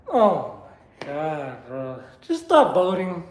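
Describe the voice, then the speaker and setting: A man's voice: high-pitched, very animated, normal speed. A young man ranting casually and heatedly, swearing and saying "bro" often, with disbelieving laughs. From United States. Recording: roomy echo.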